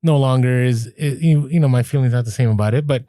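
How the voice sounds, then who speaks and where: Lively man telling a thrifting story. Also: mid-range voice, fast, no room sound, clean studio sound. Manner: animated, laughs through stories, acts out quoted lines. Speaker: podcast co-host. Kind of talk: casual storytelling chat.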